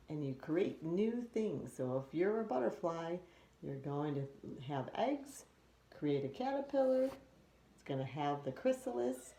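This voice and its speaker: A woman preschool teacher reading aloud and explaining a lesson to young children in an animated way. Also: low voice, slight background noise.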